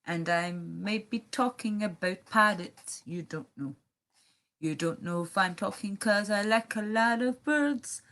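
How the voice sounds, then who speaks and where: A woman's voice: medium pitch, unhurried, fairly bright tone. A Scottish woman rambling and swearing on a live stream, chatting directly to her viewers. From Scotland.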